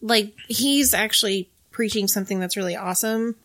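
A woman co-hosting a casual comedy chat, animated and slangy, laughing easily. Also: medium pitch, normal speed. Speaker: podcast co-host.

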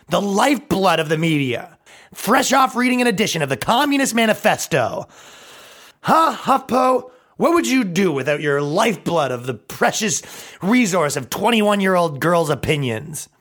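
A man hosts a comedy podcast solo, riffing in a crude, sarcastic rant. His voice sits a little high and jumps around a lot, dipping into mocking put-on tones. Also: fairly bright tone. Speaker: podcast host.

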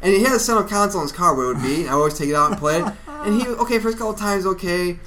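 A young man co-hosting a podcast, chatting casually and telling animated stories, shouting when he quotes people. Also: high voice, very fast, slight background noise. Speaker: podcast co-host. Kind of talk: casual chat.

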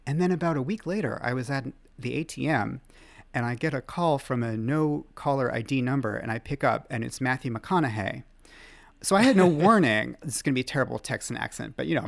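A man, a magazine writer, as a guest on an interview podcast, telling animated anecdotes with quick laughs. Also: medium pitch, gravelly.

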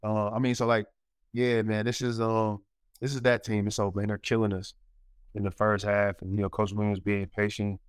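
A man's voice: lowish voice, moderate pace, smooth, dry recording. A man in his forties, a former college basketball player, telling stories in a casual interview with lots of fillers and acted-out quotes. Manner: animated storyteller, many fillers, acts out quotes.

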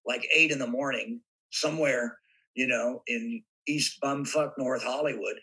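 A man telling animated stories in a casual interview, acting out bits of dialogue as he goes. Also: mid-range voice, a little slow, husky, low-quality recording. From United States. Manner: animated raconteur, acts out voices in anecdotes. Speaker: guest actor. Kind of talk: casual interview chat, storytelling.

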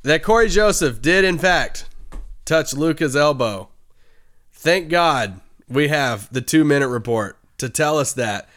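A man's voice: on the high side, expressive, unhurried, a bit bright. A man co-hosting a casual sports podcast, dry and sarcastic, telling anecdotes. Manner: joking, sarcastic. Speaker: podcast co-host.

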